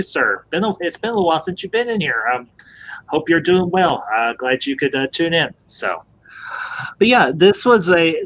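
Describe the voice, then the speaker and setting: A man's voice: a little high, animated, measured pace, a bit bright. A man hosting a casual live-stream review chat, joking around, laughing often and greeting viewers.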